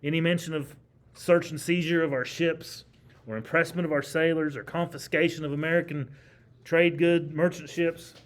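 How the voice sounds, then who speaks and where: A man's voice: fairly high pitch, fairly even intonation, moderate pace. A man teaching a history class in a classroom. He lectures in a conversational, emphatic way and keeps putting questions to his students.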